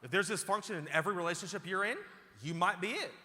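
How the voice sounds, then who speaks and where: A man's voice: high voice, fast, bright, forceful tone. A man preaching a sermon as pastor, emphatic and repeating phrases as he calls out to the congregation. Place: large church auditorium. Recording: hall reverb from a large church.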